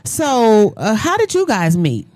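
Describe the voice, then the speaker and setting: A woman's voice: on the high side, huge pitch swings, takes it slowly, a little mellow, dry recording. A woman hosting a radio talk show, talking in a playful, bawdy way and laughing often. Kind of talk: casual radio interview chat.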